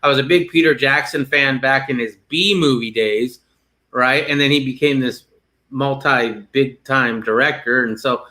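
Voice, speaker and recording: Bright-voiced joking man. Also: medium pitch, moderate pace. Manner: laughs often, jokey and loose. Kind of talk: casual livestream chat.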